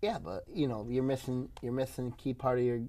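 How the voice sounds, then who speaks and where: A man's voice: medium pitch, brisk, dark tone. A man arguing about baseball in a casual talk show, rambling with fillers. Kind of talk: casual sports debate.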